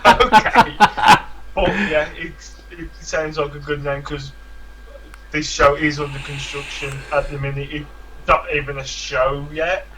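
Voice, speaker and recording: Man, dry understated humor, casual co-host banter, bright tense voice, fairly high. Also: fairly even intonation, a little slow, slight background noise, poor audio. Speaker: co-host of a vaping live stream. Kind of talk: casual banter on a live stream.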